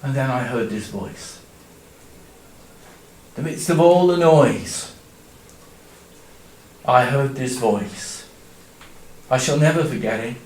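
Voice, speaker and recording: A man telling a Bible story in the first person in a church, dramatic, swinging from loud cries to hushed tones. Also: mid-range voice, lively intonation, slow pace, pauses often. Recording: echoey church room, distant mic.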